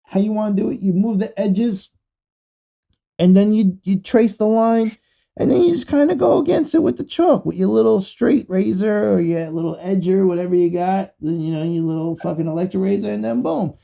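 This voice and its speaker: A man's voice: high-pitched, normal speed, creaky, dark tone. A man hosting a podcast, rambling casually and profanely through a joking sponsor read. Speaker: podcast host.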